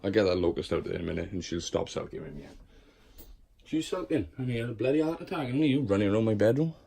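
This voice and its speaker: A man with a lowish voice talks casually through a tour of his tarantula collection in his bedroom. He swears freely and chats to the spiders, coaxing and scolding them as he films. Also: animated, quick pace, creaky, warm tone, husky. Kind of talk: casual room-tour vlog. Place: bedroom at home.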